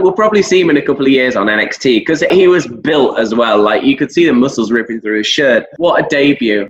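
A man co-hosting a wrestling podcast talks through the week's show in an easy, animated way, laughing often as he retells it. His voice sits at an ordinary middle pitch. The audio is dull and lo-fi. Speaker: podcast co-host. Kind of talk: casual wrestling recap chat.

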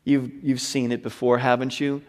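A man preaching a sermon as pastor, moving from hushed, whispered passages to loud, shouted exhortation. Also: mid-range voice, flat delivery, normal speed, long reverb tail.

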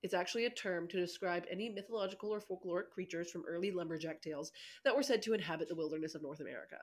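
Woman podcast co-host, lowish voice, giggly, playful, swears a lot. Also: rapid-fire. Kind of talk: casual podcast chat.

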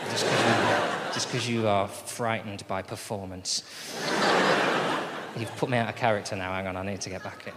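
A man doing an animated stand-up routine, slipping in and out of characters. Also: fairly low pitch, normal speed. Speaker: stand-up comedian. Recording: live venue reverb with loud noise.

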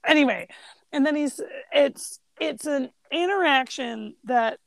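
A woman's voice: high-pitched, a little slow, vocal fry, no echo. A woman co-hosting a podcast, chatting casually about a film and acting out its lines with lots of laughter. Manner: animated, acts out quotes, laughs often. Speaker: podcast co-host. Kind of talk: casual chat recapping a film.

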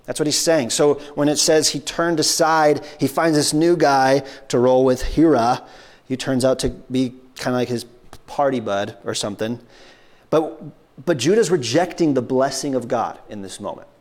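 A man preaching a sermon as pastor, conversational, with frequent restarts and quick acted-out voices for biblical characters. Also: mid-range voice.

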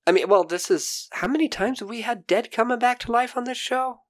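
A man co-hosting a podcast, recapping a TV episode in animated casual chat, swearing casually and acting out quotes. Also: very high voice, fairly quick. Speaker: podcast co-host.

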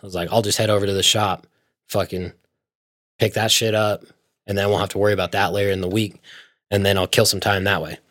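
A man telling a long story in casual chat, animated and profane, swearing often. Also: fairly low pitch, fast, long pauses, dry recording, studio quality.

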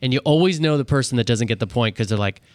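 A man's voice: medium pitch, lively intonation, a little mellow, clear, resonant tone, dry recording. Easygoing male podcast co-host. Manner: agreeable, quick restarts when telling. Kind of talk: casual chat.

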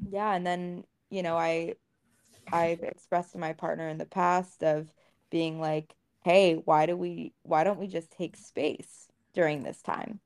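A woman's voice: lowish voice, little pitch movement, measured pace, creaky, clear, resonant tone. A woman co-hosting a podcast, talking candidly and casually, swearing freely and acting out what others said. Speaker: podcast co-host.

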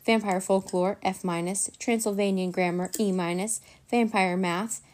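A woman's voice: steady tone, normal speed, darkish tone, natural voice. A woman voicing a stern, snobbish vampire mother who sneers and screeches. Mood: scolding. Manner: shrill and sneering.

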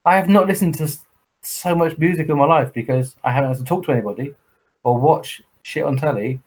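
A man's voice: a little high, fairly quick, darkish tone, slightly rough, low-quality recording. An English man co-hosting a podcast, telling a long sweary story in casual chat and acting out the other people in it. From England. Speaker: podcast co-host.

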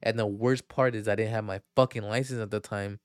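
A young man hosts a casual podcast, spinning loose, profanity-laced stories with a relaxed, self-mocking tone. His voice sits on the low side and comes across smooth and clear. The sound is dry and close, with no room around it. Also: fairly quick, no room sound. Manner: rambling, profane, filler-heavy; laid-back, self-mocking. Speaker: podcast host.

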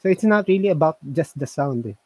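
A man's voice: a little high, lively intonation, fast, dry recording, low-quality recording. A man co-hosting a casual chat, talking in a hesitant, musing way full of fillers and restarts. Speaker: co-host reviewing voice software.

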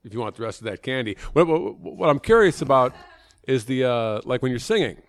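A man's voice: mid-range voice, very animated, fairly quick. A male interviewer asking questions casually, often stammering and repeating words.

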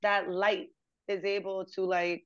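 A woman's voice: mid-range voice, little pitch movement, a little slow, a bit bright, clean tone, no room sound. A woman podcast host in a conversational interview, reflective and encouraging. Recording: dull, lo-fi sound.

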